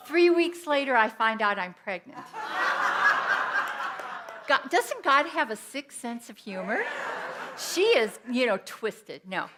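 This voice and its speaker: A middle-aged woman minister preaches with a clear, bright voice. She tells personal stories in a lively way and acts out the lines of the people in them. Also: a little high, measured pace, slight background noise. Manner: animated storytelling with quoted asides and laughter. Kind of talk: sermon.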